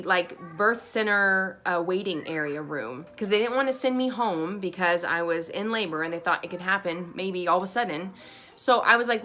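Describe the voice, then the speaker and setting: A young woman casually telling a personal story, chatty and lively, often acting out what others said. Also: mid-range voice. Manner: chatty, animated quoting of others, frequent "like". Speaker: vlogger.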